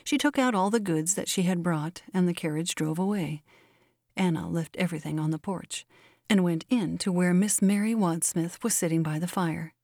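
A woman host reading a classic short story aloud in measured, deliberate scripted narration. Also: lowish voice, a little mellow, dry recording, studio quality. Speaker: host and reader.

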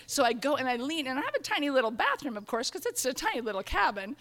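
Animated woman telling a story. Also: sits high, fairly quick, few pauses, long reverb tail. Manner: animated, acts out her own inner voice. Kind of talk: live personal storytelling.

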